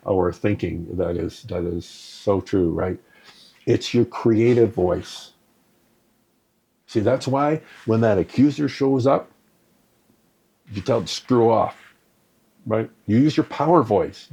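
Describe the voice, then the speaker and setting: A man's voice: on the low side, creaky, mellow, slightly rough. A man giving a conversational spiritual teaching on a live stream, often checking in with "right?" and answering viewer comments. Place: live stream to an online audience.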